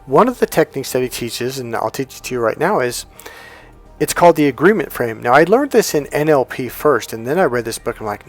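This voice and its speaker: Man, dating coach, slightly high voice, swears a lot, acts out quotes, faint background music. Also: lively intonation, fast talker. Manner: profane, blunt, storytelling with acted quotes. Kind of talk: unscripted coaching talk.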